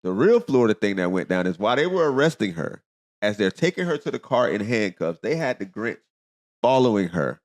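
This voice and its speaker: Podcast host guy, low voice, bouncy up and down delivery. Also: brisk. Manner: lively, laughs often. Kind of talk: casual chat.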